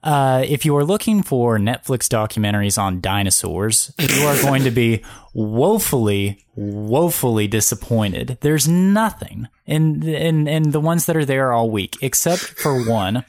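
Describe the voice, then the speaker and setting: A man's voice: mid-range voice, lively intonation, unhurried, hardly any pauses, darkish tone, no echo. Dry-sounding joking male podcast host. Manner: joking, self-deprecating. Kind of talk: casual chat.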